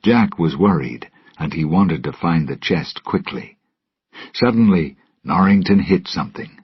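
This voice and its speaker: Storybook narrator: man, deep and raspy, slow and deliberate, dry lo-fi sound. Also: lively intonation, no echo. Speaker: storybook reader. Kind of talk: graded-reader story narration for English learners. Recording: dull lo-fi recording.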